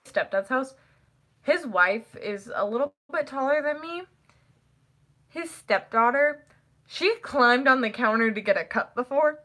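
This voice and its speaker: A teenage girl chatting casually to the camera, rambling and packing her talk with "like" and quick laughs. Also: high-pitched, animated, sharp tone. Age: teens. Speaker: vlogger.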